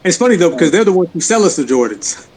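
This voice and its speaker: Fast-talking blunt man hosting. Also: sits high, sing-song, darkish tone. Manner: fast, blunt, hyping others up. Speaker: host. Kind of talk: casual chat.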